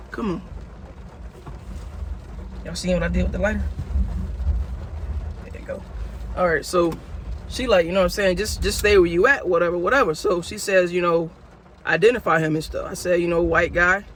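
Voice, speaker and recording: A man's voice: high voice, a bit bright, a little hiss or hum. A man telling a casual story-time tale for his vlog in a slangy way, full of "you know what I'm saying.". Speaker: vlogger.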